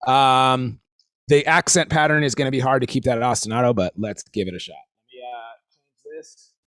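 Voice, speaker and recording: A man's voice: medium pitch, fairly even intonation, moderate pace, fairly bright tone, dry recording, clean studio sound. A man leading a livestream drum lesson, talking casually as he explains stickings and counts the group in. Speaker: drum instructor.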